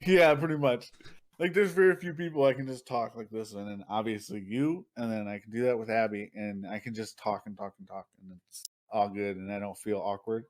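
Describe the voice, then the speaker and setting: A man's voice: lowish voice, fairly quick. A young man co-hosting a podcast, chatting casually, swearing and laughing as he tells stories. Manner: laughing, swearing, loose storytelling. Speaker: podcast co-host. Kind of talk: casual chat.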